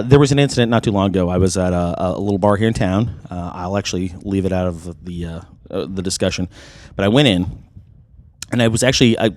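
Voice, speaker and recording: A man's voice: lowish voice, no room sound. Profane storytelling man, dry sound. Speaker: podcast co-host. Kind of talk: casual chat over drinks.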